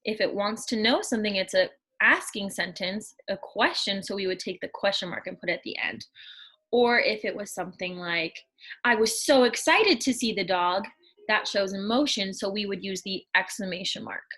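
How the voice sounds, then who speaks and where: A woman teaching a lesson to young children, explaining slowly and patiently, step by step. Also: mid-range voice, pushed and bright, husky, low-quality recording.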